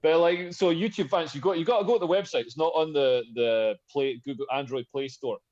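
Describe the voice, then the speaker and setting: Guy hosting a comedy podcast, rambly, lots of ums, bit higher voice, muffled lo-fi audio. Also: a little fast, darkish tone. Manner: rambling, full of fillers and restarts. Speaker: podcast host. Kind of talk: casual chat. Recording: dull lo-fi sound.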